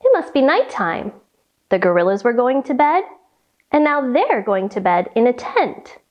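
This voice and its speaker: A woman reading a picture book aloud and leading children through yoga poses in a slow, sing-song, animated way. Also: fairly high pitch, highs cut off. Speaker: kids' yoga teacher reading a story. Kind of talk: storytime yoga lesson for children.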